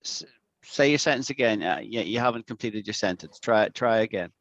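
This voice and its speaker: A man teaching an online English lesson, patiently repeating words slowly for his students to practice. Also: lowish voice, a bit bright, dry recording, highs cut off. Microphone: video call.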